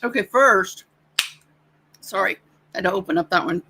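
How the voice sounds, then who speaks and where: A woman's voice: mid-range voice, moderate pace, low-quality recording. A middle-aged woman co-hosting a casual livestream, teasing and laughing often. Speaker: co-host.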